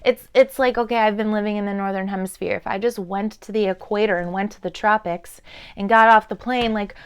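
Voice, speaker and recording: A chatty woman in her thirties gives an oracle card reading, wandering from thought to thought with a smooth, clear voice. She talks loosely to the viewer and now and then drops into a soft murmur. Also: medium pitch. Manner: chatty, meandering, with fillers and laughs. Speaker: tarot and oracle card reader. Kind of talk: intuitive card reading to camera.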